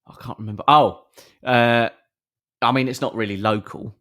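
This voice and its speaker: A man's voice: mid-range voice, steady tone, moderate pace, fairly bright tone. A man co-hosting a casual podcast. He rambles and hesitates with many ums and uhs. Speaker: podcast co-host. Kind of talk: casual chat. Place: live-streamed podcast.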